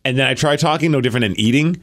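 A man co-hosting a podcast in casual chat, telling animated stories while complaining about a painful sore mouth. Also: medium pitch, very fast. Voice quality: sore mouth from canker sores. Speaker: podcast co-host.

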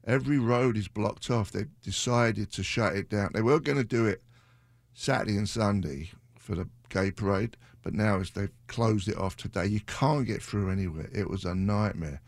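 A man's voice: fairly low pitch, normal speed, no room sound. A British man hosting a radio show, chatting casually in a rambling, self-deprecating way into a studio mic. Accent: British English. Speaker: radio DJ host.

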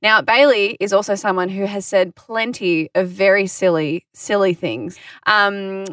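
A young woman co-hosts a chatty podcast, telling stories with animated quoted voices. Her pitch sits mid-range, and she sounds a little distant from the mic in a dry room. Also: measured pace, clear, resonant tone, dry recording. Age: young adult. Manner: animated storytelling, acts out quotes. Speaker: podcast co-host. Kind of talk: casual chat.

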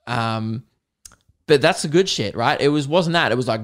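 A man's voice: mid-range voice, normal speed. A man with an Australian accent hosting a casual solo podcast, rambling and swearing as he tells a story. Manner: rambling, swears, sings song snippets. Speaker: podcast host.

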